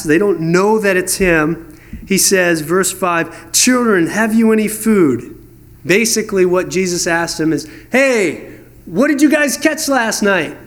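High-voiced pastor telling a story. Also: male voice. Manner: storytelling, animated, acts out voices in dialogue. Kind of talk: sermon.

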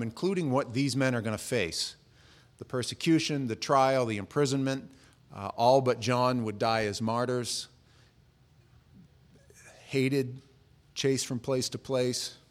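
Conversational man preaching a sermon. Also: medium pitch. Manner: conversational, acts out quoted voices, frequent restarts. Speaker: pastor.

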